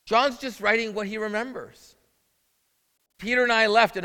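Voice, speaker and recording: A man with a high, bright, forceful voice preaches a sermon in a conversational tone and asks his listeners questions as he goes. His voice rings with the long reverb of a large church hall. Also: fairly even intonation, moderate pace, smooth. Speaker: pastor.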